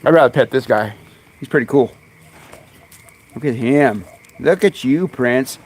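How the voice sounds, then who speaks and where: A man hosting a casual live stream outdoors among his birds, chatting away and calling to them in high coaxing tones, recorded on a phone. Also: measured pace, darkish tone. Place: outdoors in a bird yard on a sunny day. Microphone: phone camera.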